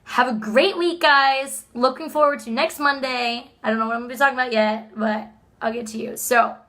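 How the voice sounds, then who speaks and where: Bright, upbeat woman in her thirties. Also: high voice, fairly even intonation, a little fast. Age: 30s. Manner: earnest and upbeat, with frequent "like" and laughter. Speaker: vlogger. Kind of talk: motivational vlog talk.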